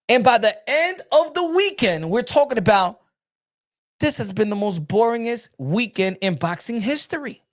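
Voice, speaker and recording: A man's voice: very high voice, lively intonation, moderate pace. A man hosting a boxing show, ranting casually and profanely, with lots of repetition. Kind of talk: casual commentary rant.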